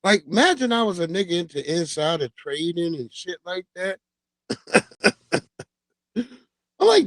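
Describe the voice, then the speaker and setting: A man hosting a livestream, chatting casually with animated, profane storytelling and laughs. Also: sits high, slow pace, long pauses, no echo. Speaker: livestream host. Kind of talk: casual commentary.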